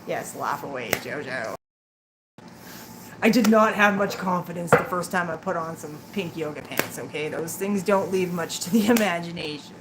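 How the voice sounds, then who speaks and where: A woman's voice: fairly low pitch, animated, moderate pace. A woman doing a live-stream tarot reading, chatting and teasing with her viewers and laughing often. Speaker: tarot reader. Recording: clear background noise.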